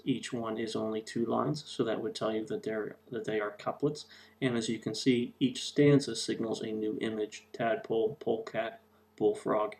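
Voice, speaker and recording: A man explains a lesson over slides, pausing often on ums and uhs. His voice has a gravelly edge at a middle pitch. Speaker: teacher.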